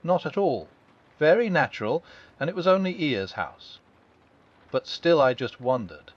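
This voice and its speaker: A melancholy old donkey with a sardonic, slow and mournful way of speaking, as a male reader puts him on. The pitch swings about more than a flat drone would. The recording is dull and lo-fi. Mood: gloomy. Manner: slow, mournful, low-voiced. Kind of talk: storybook reading.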